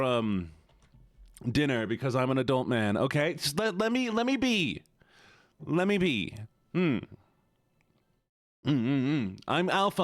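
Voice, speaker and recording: A high, girlish, whining voice, put on by a man, bouncing around in pitch as it protests. It sounds petulant and sing-song. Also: a bit bright. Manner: whiny, protesting.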